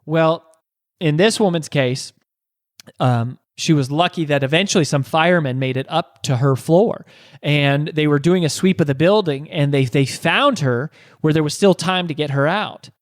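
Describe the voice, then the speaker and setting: A man's voice: fairly high pitch, normal speed, no room sound, clean studio sound. A man hosting a podcast, telling a motivational story earnestly, with frequent restarts and rhetorical questions. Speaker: podcast host.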